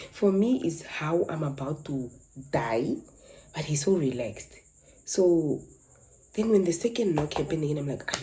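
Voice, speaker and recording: A woman's voice: sits low, background noise. A young woman, animatedly telling a dramatic story from her life in casual chat. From Namibia. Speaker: content creator.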